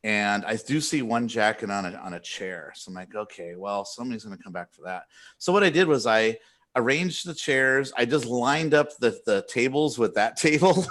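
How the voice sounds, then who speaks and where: Male podcast co-host, casual storyteller, rambling and animated, mid-pitched voice. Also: normal speed. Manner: rambling, animated retelling with many restarts.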